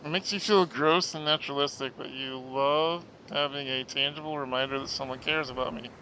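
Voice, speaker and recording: A man streaming a game and chatting with viewers, joking and self-mocking, often clearing his throat. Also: medium pitch, steady tone, fairly quick, bright, forceful tone, slight background noise, rough recording. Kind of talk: casual chat reading out stream chat.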